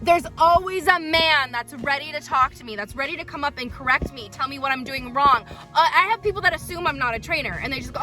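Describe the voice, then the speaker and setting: A woman's voice: high-pitched, fairly quick, hardly any pauses, over music. A woman dog trainer in a casual vlog, chatting and retelling stories with lots of ums.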